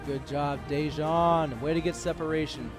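A man's voice: fairly high pitch, steady tone, moderate pace. Young man swearing over basketball gameplay. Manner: swears constantly, yells and curses at the game. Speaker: gaming channel host. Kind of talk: raging live gameplay commentary. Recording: game music behind the voice.

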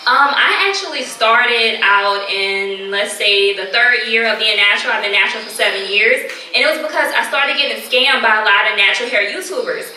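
A woman's voice: fairly high pitch, moderate pace, bright, forceful tone, soft background music. A woman from New Orleans speaking on a panel, chatty and direct. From New Orleans, Louisiana. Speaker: panelist, hair product reviewer. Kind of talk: panel discussion. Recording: echoey hall, mic far off.

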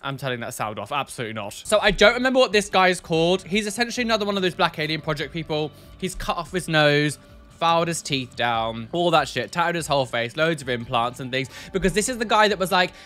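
A man's voice: fairly high pitch, expressive, quick pace, sharp tone, soft background music. A man hosting a casual reaction video, blunt and exasperated, often sighing and repeating himself for emphasis.

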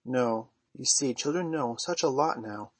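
Boastful, merry storybook boy, husky and dry, read by a man in his own low voice. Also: unhurried, no room sound. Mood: offhand. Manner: boastful, offhand and good-natured. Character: cocky, merry boy who never grew up.

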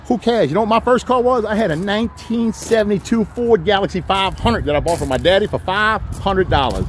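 A man giving a folksy, joking walkaround sales pitch on a used car lot. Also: a little fast, a little hiss or hum. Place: outdoors on a rainy car lot.

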